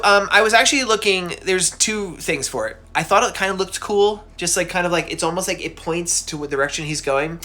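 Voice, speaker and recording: A man's voice: high voice, bright, forceful tone, a little hiss or hum. A middle-aged man casually and goofily retelling a myth as host of a show. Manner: chatty, goofy, lots of fillers. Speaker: cartoonist hosting a myth show. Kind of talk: casual storytelling.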